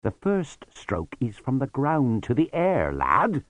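A man reading aloud, putting on a gruff, bossy old male sweeper who calls people lad. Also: medium pitch, huge pitch swings, slow, dry recording, voice pushed up. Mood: urging. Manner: commanding, blunt, calls others lad.

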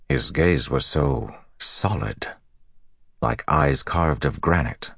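A man narrating a fantasy audiobook in a steady, even storytelling voice. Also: a bass voice, unhurried, vocal fry, husky, no echo, clean studio sound.

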